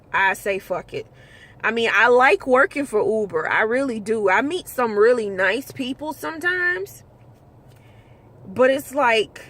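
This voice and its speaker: A woman's voice: on the high side, fairly bright tone. A young woman, a rideshare driver telling blunt, exasperated stories in a casual vlog, swearing freely.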